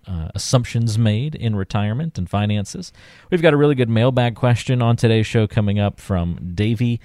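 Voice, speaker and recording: A man co-hosting a talk show about finances, telling stories in a relaxed way with fillers and laughs. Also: fairly low pitch, no room sound, clean studio sound. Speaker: podcast co-host. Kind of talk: casual chat.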